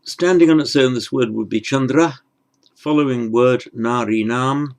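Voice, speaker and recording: Guy teaching online, talks real slow, low creaky voice, stops to fix himself. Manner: slow, careful explanation with self-corrections. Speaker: Sanskrit teacher. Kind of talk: online lesson explaining grammar.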